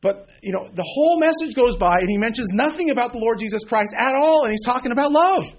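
A man's voice: very high voice, animated, quick pace. A man preaching an informal sermon, blunt and sarcastic, with folksy asides. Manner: mocks emotional prayers in exaggerated voice.

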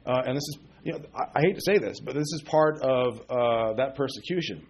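A man's voice: mid-range voice, brisk, hardly any pauses, slight background noise. A middle-aged man preaching a sermon as pastor, talking in a loose, conversational way with many fillers and asides, and rising with emphasis on key words.

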